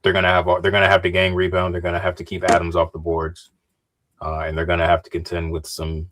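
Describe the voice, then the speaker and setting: Deep-voiced man breaking down basketball. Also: monotone, quick pace, fairly bright tone, slight background noise. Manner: restarts often and corrects himself politely. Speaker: podcast co-host. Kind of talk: casual sports chat.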